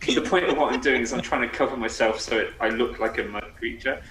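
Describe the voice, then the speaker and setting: A man's voice: mid-range voice, fast, a bit bright, echoey room, recorded from a distance, a little hiss or hum, poor audio. A man playing in a tabletop game, eagerly describing what his character does. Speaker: player. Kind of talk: tabletop role-play.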